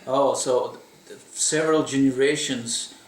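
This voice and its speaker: A man whose first language is Russian puts casual questions to a guest in English, stopping and restarting as he searches for words. His voice sits at an ordinary middle pitch. The room around him gives a noticeably echoey sound. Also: fairly even intonation, far from the mic. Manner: halting, rephrases questions with many fillers. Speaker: interviewer. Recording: roomy echo.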